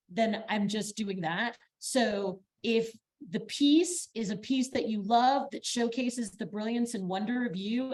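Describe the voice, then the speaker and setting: Give me an encouraging woman panelist with a slightly high voice, giving emphatic audition advice. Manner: emphatic, encouraging, speaks in long building sentences. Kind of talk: advice talk at a workshop panel.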